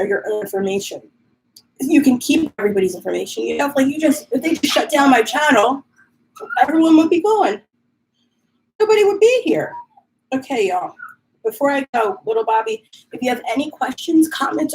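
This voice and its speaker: A woman's voice: a little high, a little hiss or hum, poor audio. A woman hosting a casual live stream from her home, chatting and reading viewer comments aloud while dealing with allergies and a runny nose. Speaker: livestream host.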